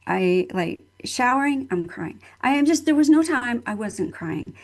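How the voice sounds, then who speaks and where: A woman's voice: on the high side, sing-song, measured pace. An older woman, a nurse and guest speaker, telling a personal story in an interview in an earnest, heartfelt way, leaning on repeated phrases for emphasis. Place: at home in Texas.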